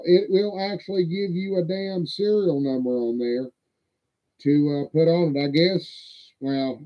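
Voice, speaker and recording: A man hosting a livestream, talking in a folksy, profane, rambling way. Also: fairly high pitch. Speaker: livestream host. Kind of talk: casual livestream show-and-tell. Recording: dull lo-fi stream audio.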